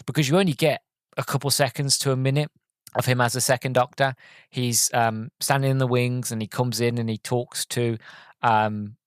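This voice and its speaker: A man's voice: mid-range voice, fairly even intonation, normal speed, clear, resonant tone, dry recording. A man hosting a podcast, giving a rambling, emotional and enthusiastic film review in a casual monologue. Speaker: podcast host.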